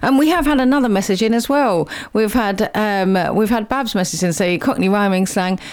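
A young woman presents a local radio show through a studio microphone. She chats casually between records, upbeat and quick to poke fun at herself. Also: mid-range voice. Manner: chatty, self-mocking, upbeat.

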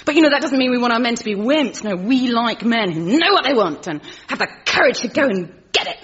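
A woman's voice: fairly high pitch, expressive, a little fast, fairly bright tone. An actress playing an earnest, talkative middle-aged woman who minds a sulky teenage boy and speaks in a carefully formal way. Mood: encouraging. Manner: prim, carefully formal phrasing. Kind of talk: sitcom acting. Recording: slightly muffled TV audio with faint crowd and noise.

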